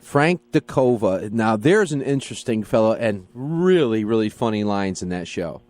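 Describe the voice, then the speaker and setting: A man's voice: fairly low pitch, lively intonation, moderate pace, a little mellow, no room sound. A man hosting a radio interview from a studio, asking questions in a friendly, hesitant way. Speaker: radio host.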